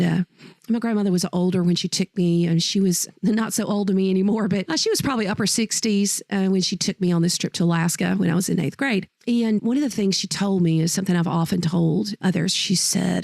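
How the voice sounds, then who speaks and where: A woman's voice: on the low side, creaky, a little mellow, no echo, clean studio sound. A woman teacher and podcast host telling personal stories in a heartfelt, rambling way, often correcting herself mid-sentence. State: choked up. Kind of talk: personal storytelling.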